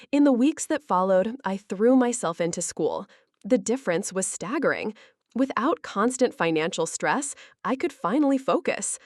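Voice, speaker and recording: Woman reading a dramatic family story out loud, very expressive, dry close sound. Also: mid-range voice, no room sound. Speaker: narrator. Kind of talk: first-person story narration.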